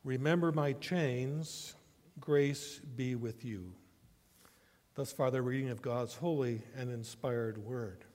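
Man preaching slow and careful, higher-ish voice, long echo like a big church hall. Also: darkish tone. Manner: measured storytelling with rhetorical questions. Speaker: pastor. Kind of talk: sermon. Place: church sanctuary.

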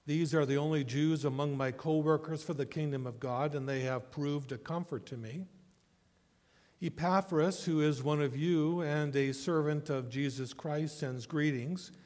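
Man preaching slow and careful, higher-ish voice, long echo like a big church hall. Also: fairly even intonation, darkish tone. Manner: measured storytelling with rhetorical questions. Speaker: pastor. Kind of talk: sermon. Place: church sanctuary.

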